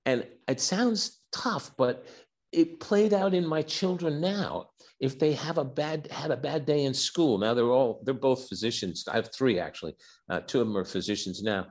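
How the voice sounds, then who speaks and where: Speaking at a moderate pace in a mid-range voice, this older physician and author shares personal stories on a podcast. Candid and animated, he performs the dialogue and often starts his sentences over.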